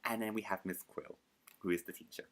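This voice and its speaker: A young man with a British accent and a deep, low voice talks casually to his viewers. He rambles from point to point and stops to correct himself. He pokes fun at his own slips. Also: fairly even intonation, fairly quick. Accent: British English. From United Kingdom. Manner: chatty, self-deprecating, rambling with restarts. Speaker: book vlogger. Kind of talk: casual chat to camera.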